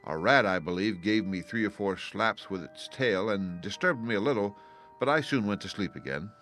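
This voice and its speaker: A man's voice: lowish voice, animated, moderate pace, a bit bright, faint music behind. A man voicing a bold, cunning young male hero who sounds cocky and offhand. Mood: carefree.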